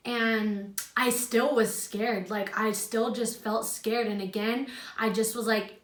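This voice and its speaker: A woman's voice: a little high, fairly even intonation, takes it slowly, reverberant. A young woman telling a personal story in a casual vlog, chatty and full of "like", emotional at times. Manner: chatty, heavy use of "like". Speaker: YouTuber. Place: her home, indoors.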